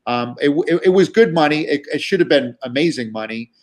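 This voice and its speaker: A man tells road stories as a guest, casual and profane. His voice sits a bit high for a man. He restarts sentences often and piles on fillers as he goes. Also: lively intonation, fairly quick, darkish tone. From New York. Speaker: guest comedian. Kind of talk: casual storytelling.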